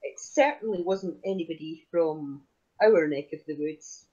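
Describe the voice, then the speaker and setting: A woman's voice: sits low, a little slow, a little mellow, slightly rough. A woman interviewing in casual chat, asking short prompting questions and adding skeptical asides. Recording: dull lo-fi audio.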